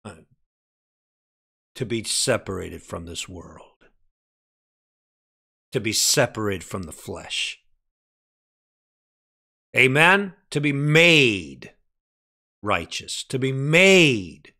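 A man preaching a sermon with fervor, dropping to hushed lines and rising to shouted peaks, often asking "Amen?". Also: big pitch swings, drawn-out words, long pauses. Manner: fervent preaching, swinging from hushed low lines to shouted climaxes; calls out "Amen?" to the congregation.

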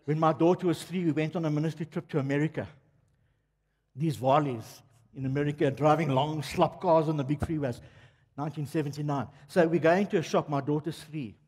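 Firing rhetorical questions straight at the congregation, an older South African preacher gives a sermon in a church hall whose long reverb colors the sound. His voice is on the high side and a little mellow, with a breathy edge, a steady tone and a slightly fast pace.

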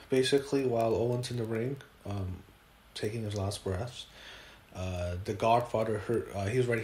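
Low-voiced man retelling in an echoey room. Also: darkish tone, a little hiss or hum. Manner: halting retelling full of fillers and restarts. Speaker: reviewer. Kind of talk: casual spoken review.

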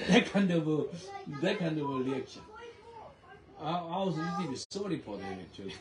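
Male preacher, lively swooping pitch, echoey church room, congregation murmuring. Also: normal speed, a crowd in the background. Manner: animated storytelling, non-native phrasing, frequent laughter. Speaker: pastor. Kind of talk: sermon with testimony. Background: congregation responding.

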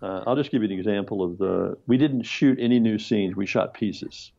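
A man's voice: fairly low pitch, moderate pace, creaky, muffled recording. A man telling a long anecdote as a screenwriter guest in a conversational interview, acting out the voices of people he quotes. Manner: animated storyteller, acts out quoted voices, laughs often.

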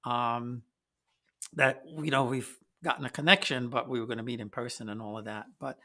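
A man's voice: medium pitch, steady tone, moderate pace, sharp tone. A man hosting an interview, chatting casually and asking questions about family connections. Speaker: interviewer, host. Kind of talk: conversational interview.

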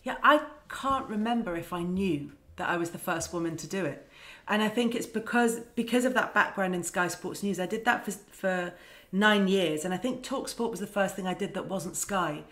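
A woman's voice: mid-range voice, normal speed, fairly bright tone. Reflective British woman in a roomy space. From United Kingdom. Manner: thoughtful, self-deprecating. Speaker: guest, sports presenter. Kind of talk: casual interview chat. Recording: roomy echo.

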